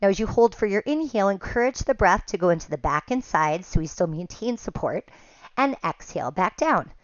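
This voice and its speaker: A woman teaching a pilates class, giving calm step-by-step cues and counts, a little out of breath at times. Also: medium pitch, a little fast, no room sound, dull audio. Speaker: pilates instructor. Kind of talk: guided exercise class cues.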